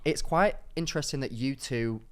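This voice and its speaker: A man hosting a podcast, joking and teasing as he goes. His voice sits at a middle pitch and he often pokes fun at himself. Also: moderate pace, fairly bright tone, clean tone. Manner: joking, teasing, self-mocking. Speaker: podcast host. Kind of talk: casual chat.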